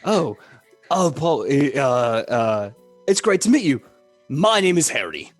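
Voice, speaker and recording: A man's voice: medium pitch, very animated, faint music behind. A man voicing a friendly, unsure sailor who hesitates a lot in a tabletop game. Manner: halting, lots of ums and restarts.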